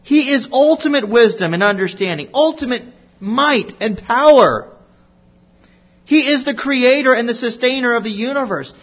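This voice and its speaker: A man teaching a Bible lesson to children, telling it slowly and deliberately with playful asides. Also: very high-pitched, lively intonation, slightly rough, dull audio.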